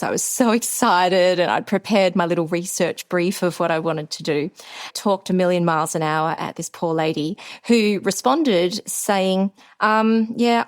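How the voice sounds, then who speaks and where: A woman in her forties with an Australian accent, co-hosting a podcast and telling a story in lively casual chat, acting out the voices she quotes. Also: fairly low pitch. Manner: animated, acts out quoted voices. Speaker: podcast co-host.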